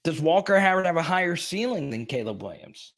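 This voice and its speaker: A man hosting a live sports stream, chatting casually and excitedly with his viewers and often repeating himself. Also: fairly high pitch, a little fast. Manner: excitable, talks straight to the chat, repeats himself.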